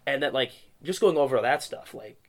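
A man's voice: medium pitch, lively intonation, fairly quick. A man being interviewed as a guest wrestler, talking casually and rambling with many filler words.

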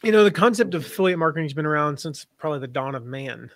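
A man talks as a podcast guest, telling stories and laying out his points in a loose, chatty way. His voice sits a little high. The sound is dry and close, with no room echo. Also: animated, rapid-fire, fairly bright tone. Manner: chatty storyteller, slips into playful put-on voices. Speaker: guest, affiliate marketing expert. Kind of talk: conversational podcast interview.

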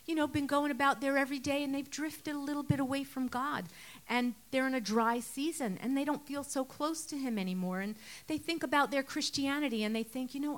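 An earnest woman delivering a sermon. She talks conversationally, asks her listeners rhetorical questions, and her voice sits a little on the higher side. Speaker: preacher.

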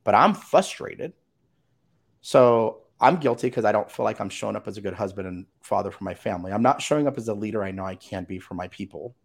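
A middle-aged man telling a personal story as a podcast guest, animated, acting out other people's lines and swearing casually. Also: on the low side, a little fast, gravelly. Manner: animated, acts out quoted voices, swears casually.

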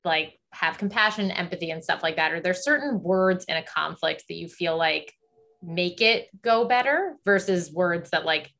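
A woman hosting a casual podcast interview, relaxed and conversational as she asks questions. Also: on the low side, normal speed, vocal fry. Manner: relaxed and conversational, with filler likes. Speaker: podcast host.

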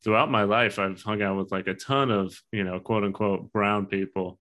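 Bright-voiced man in his thirties, casual. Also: on the low side, steady tone, moderate pace. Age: 30s. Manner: loose, profane, laughing storyteller. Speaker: podcast co-host. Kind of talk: casual chat.

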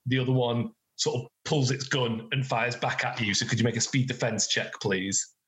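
A man's voice: mid-range voice, fairly even intonation, normal speed, background noise. A man narrating as game master of a tabletop game, playful and often laughing.

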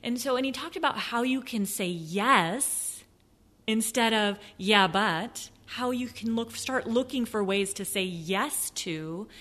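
An animated woman, a podcast host and sales coach, gives a motivational solo podcast talk, taking it slowly. She acts out excuses in a high, mocking voice and at times drops to a soft near-whisper.

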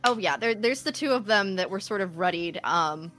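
A woman running a tabletop game as game master, chatty and quick to laugh. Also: medium pitch, expressive, a bit bright, faint music behind. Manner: laughs often, loose and chatty narration.

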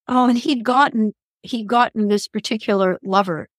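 On a podcast, a woman appears as a guest, an author and columnist, sharing personal spiritual stories earnestly and reflectively. Her voice sits slightly high, her pace is normal, and the recording has no echo.

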